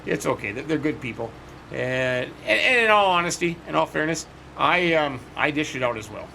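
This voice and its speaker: A man's voice: on the high side, animated, moderate pace, creaky, sharp tone, a little hiss or hum. A man chatting casually in a folksy, rambling way while he narrates his farming game. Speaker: host. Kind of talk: casual gameplay commentary.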